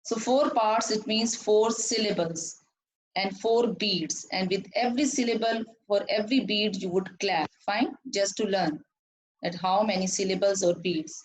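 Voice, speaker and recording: A woman's voice: mid-range voice, unhurried, low-quality recording. Woman teacher, pakistani english accent, explains step by step and keeps asking the kids questions. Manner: explains step by step, repeats and asks students questions. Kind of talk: recorded classroom lesson.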